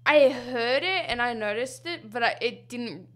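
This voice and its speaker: A woman's voice: a little high, lively intonation, a little slow. A woman co-hosting a radio show in casual chat, playful and often apologetic. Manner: apologetic, playful, bursts out loud. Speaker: radio co-host.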